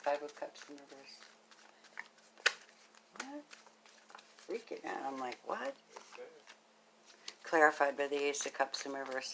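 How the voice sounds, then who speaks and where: Low-voiced woman giving a casual tarot reading. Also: a little hiss or hum, poor audio. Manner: chatty and affectionate, thinks aloud, drops into soft half-whispered asides. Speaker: tarot card reader.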